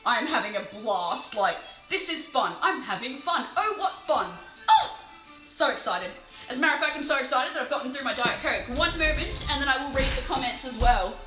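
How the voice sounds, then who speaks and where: Give me a high-voiced Australian woman chatting and laughing on a live stream, with music playing in an echoey room. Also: sing-song, fairly quick, pushed and bright. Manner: chatty, laughs often, swears playfully. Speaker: livestreaming miniature painter. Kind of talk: casual live-stream chat. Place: room alone.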